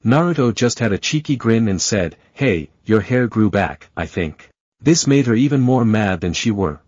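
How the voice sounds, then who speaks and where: Guy reading fanfic aloud, low husky voice, muffled lo-fi sound. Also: a little mellow, dry recording. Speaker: narrator. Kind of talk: fan fiction audiobook narration. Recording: dull lo-fi dry recording.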